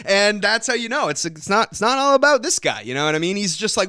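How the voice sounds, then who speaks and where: Laid-back host with a smooth voice. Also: male voice, sits high, expressive, fast talker, hardly any pauses, bright, forceful tone, dry recording, studio quality. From Michigan. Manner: rambling, swearing, laughs often. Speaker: podcast host. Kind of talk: casual interview chat.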